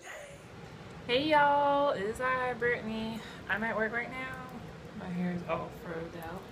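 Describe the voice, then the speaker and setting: A young woman, vlogging to her phone camera, gushing with excitement and exclamations. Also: on the high side, unhurried. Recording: noisy phone vlog.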